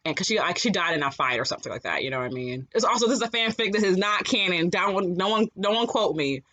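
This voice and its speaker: A podcast co-host in a casual chat, talking in an animated, rambling way with many fillers and quick laughs. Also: medium pitch, dry recording.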